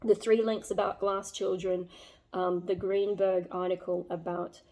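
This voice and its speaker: A young woman talks through a personal story in a casual vlog. Her voice sits at an ordinary pitch with a soft, mellow warmth. She rambles earnestly, leaning on fillers as she reflects. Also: little pitch movement, a little slow. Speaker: vlogger.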